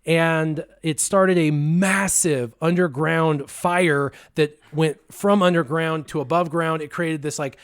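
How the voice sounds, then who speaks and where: A man casually telling a funny story, lively and laughing as he acts out the voices of the people in it. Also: a little high, takes it slowly, hardly any pauses, clean tone, no echo, studio quality. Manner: animated, laughing, acts out quotes. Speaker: guest storyteller.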